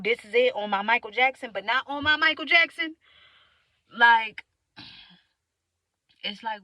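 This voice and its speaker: A young woman venting in a candid, profane monologue, swinging from loud outbursts to low mutters. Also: no echo. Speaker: vlogger.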